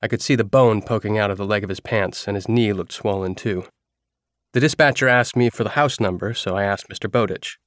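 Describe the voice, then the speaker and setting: A man reading a novel aloud as a first-person narrator, in a steady storytelling manner. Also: on the low side, fairly quick, no echo, clean studio sound. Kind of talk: audiobook narration.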